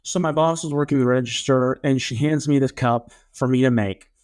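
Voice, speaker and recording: Telling an animated story on the podcast he co-hosts, this young man keeps things casual and performs the quotes himself. He speaks at a moderate pace with a medium pitch.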